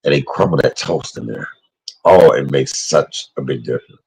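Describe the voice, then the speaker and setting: This cooking vlogger is a middle-aged man with an extremely low, gravelly voice, darkish in tone with a breathy edge, speaking at a moderate pace. He talks casually and emotionally to his audience as he cooks, reading out viewers' comments and greeting chatters by name. It's a low-quality recording.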